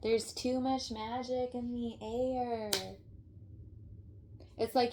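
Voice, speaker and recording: A woman's voice: fairly high pitch, steady tone, measured pace, slight background noise. A woman giving a casual tarot reading, rambling and emphatic, full of fillers and swearing. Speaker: tarot reader.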